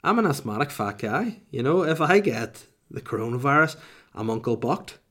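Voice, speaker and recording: A man's voice: medium pitch, big pitch swings, moderate pace, bright, forceful tone. A young adult man with a Northern Irish accent, a comedian ranting to camera in a rambling, sweary way full of asides.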